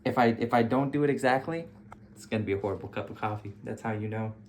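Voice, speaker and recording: Man, coffee vlog, casual home chat, self-mocking jokes, middle pitch, faint room hum. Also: fast talker, darkish tone. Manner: joking, self-mocking, rambling. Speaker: coffee vlogger. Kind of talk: casual how-to chat while brewing coffee.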